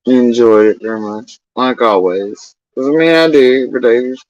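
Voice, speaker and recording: A man's voice: medium pitch, a little mellow. Guy in his middle years chatting on a stream, meandering and cussy, muffled sound, no room echo. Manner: profane, meandering, drawn-out. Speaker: livestreamer. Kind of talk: casual rambling chat. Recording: dull lo-fi dry sound.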